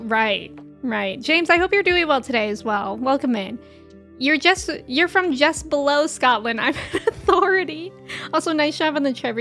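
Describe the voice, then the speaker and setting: Bright, high-voiced American woman streamer. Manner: chatty, rambling, laughs often. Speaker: game streamer. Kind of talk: casual chat with live viewers.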